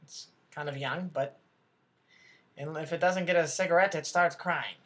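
Comedy sketch: a man as a self-important, bumbling male news anchor, voice on the high side, rambling and flustered. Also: steady tone, normal speed, fairly bright tone, lightly acted. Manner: rambling, flustered, corrects himself, talks back off-camera.

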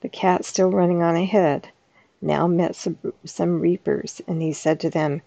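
A woman storyteller reading a classic fairy tale aloud in a soft-spoken, unhurried way. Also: lowish voice, fairly even intonation, gravelly, no room sound, lo-fi sound.

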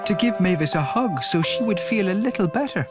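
A man narrating a scripted cartoon story for preschool children in a gentle, sing-song way, asking the listener questions. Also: high-pitched, animated, a little fast. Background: music.

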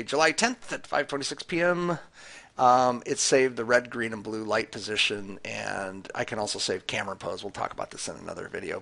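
Male tutorial presenter: lowish gravelly voice, bright tone, relaxed screen-recording walkthrough. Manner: casual, talks through clicks with fillers.

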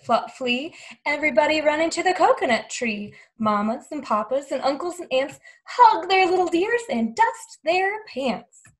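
A woman librarian reading a picture book aloud to young children in an animated, sing-song way, coaxing them to join in. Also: high-pitched. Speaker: children's librarian hosting story time.

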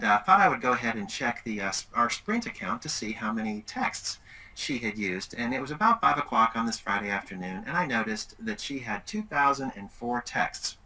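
Man, middle-aged, very bright tone, lively storytelling, webinar presenter. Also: mid-range voice, rough recording. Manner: animated, acts out quoted voices.

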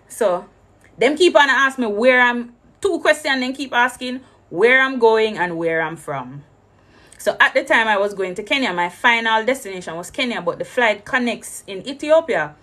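A woman's voice: on the high side, expressive, moderate pace, sharp tone. A young woman with a Jamaican accent telling a travel story, switching between English and patois and acting out every exchange. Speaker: travel vlogger. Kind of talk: animated storytelling.

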